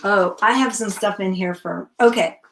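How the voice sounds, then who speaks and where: A woman's voice: medium pitch, moderate pace, creaky, fairly bright tone. A middle-aged woman from Connecticut chatting casually and rambling through memories while she works on a craft journal during a livestream. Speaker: craft vlogger.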